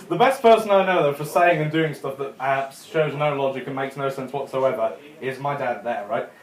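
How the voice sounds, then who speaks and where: In an echoey comedy club before a live crowd, a young comedian chats through his set at a normal speed with hardly any pauses. His voice is fairly high, and he laughs at his own jokes.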